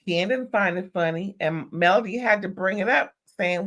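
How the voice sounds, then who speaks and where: A woman from California with a medium-pitched, fairly bright voice recaps a reality TV reunion in casual chat. She reviews it with sassy, opinionated commentary at a moderate pace with few pauses.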